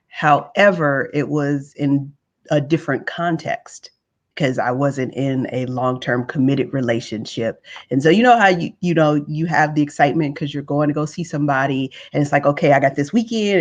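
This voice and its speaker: A woman's voice: deep voice, fairly even intonation, normal speed, muffled recording. A woman doctor and coach, a guest on a casual podcast, telling her story in a candid, open way.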